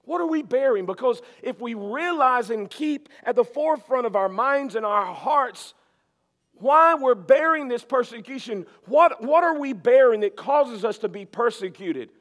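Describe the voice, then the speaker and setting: A male pastor with a drawl preaching in a notably high voice. He hammers key words again and again and swings between loud bursts and quiet asides. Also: lively intonation, normal speed. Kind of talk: sermon.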